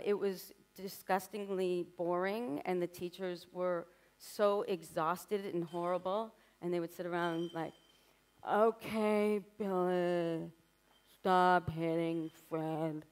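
A woman telling personal stories on stage in a candid, self-mocking way, laughing at herself now and then. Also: fairly low pitch. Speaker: artist giving a talk. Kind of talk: personal storytelling lecture. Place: stage in front of an audience.

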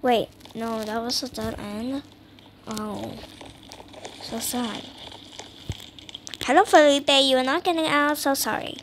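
A young woman chatting through a video game in a high, excitable voice. She talks at a slow, drawn-out pace, repeats herself, and slips into whispers. The recording carries clear background noise. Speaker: gamer. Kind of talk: casual gameplay commentary.

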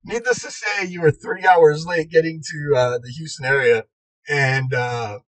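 A man hosting a podcast in casual chat, an animated storyteller who laughs a lot and swears freely, recorded inside a truck. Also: a little high, a little slow, a crowd in the background, rough recording. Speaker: podcast host.

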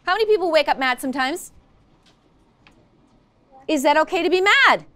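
Brief: woman teacher, high bright voice, upbeat, quizzes her class in a classroom. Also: animated, moderate pace. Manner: upbeat, coaxing, asks the class many questions. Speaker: social-emotional learning teacher. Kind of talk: classroom lesson. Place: school classroom.

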